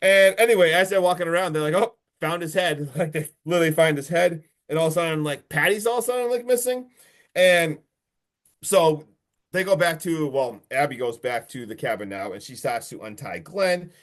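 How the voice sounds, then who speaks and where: A man casually recapping a horror movie on a podcast, excitable and profane, often laughing. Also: on the high side, fairly quick. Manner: excitable, profane, recounts plot with swearing and laughs. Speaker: podcast host. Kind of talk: casual movie review chat.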